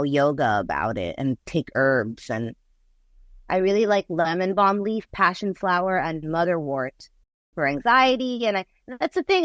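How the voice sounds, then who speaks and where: In her forties, this woman is a guest artist and musician giving a casual interview, speaking candidly and rambling with plenty of "like." Her voice sits fairly low in pitch with a fairly bright tone, and there's no echo.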